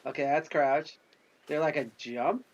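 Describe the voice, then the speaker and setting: A man's voice: on the high side, unhurried, lo-fi sound. A man giving jokey, casual commentary while he plays a video game on stream. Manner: jokey, chatty, reacts aloud while playing.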